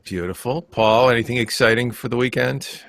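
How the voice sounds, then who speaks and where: Man, tech webcast host, jokey, repeats himself, dry close sound, mid pitch. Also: normal speed, creaky, fairly bright tone, no echo. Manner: jokey, repeats words while thinking. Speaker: podcast host. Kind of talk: casual tech webcast chat.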